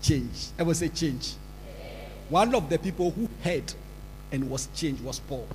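Preacher guy scolding the congregation, high lively voice, big echoey church hall w faint music. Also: measured pace. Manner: scolding, repetitive, bursts into shouts. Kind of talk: sermon.

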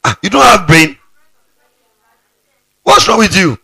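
A male pastor preaches a scolding sermon, his raspy, breathy voice swinging widely in pitch. He sits a bit high for a man and repeats phrases for emphasis. The sound is dry, with no room echo. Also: very animated, unhurried, pushed and bright. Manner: fiery, scolding, repeats himself. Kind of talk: sermon to students.

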